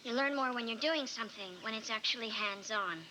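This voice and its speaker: An actress playing a strict, short-tempered biology teacher who talks in a brisk, bossy way, from a noisy taped TV broadcast. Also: female voice, a little high, sharp tone. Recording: noisy VHS tape of a TV broadcast.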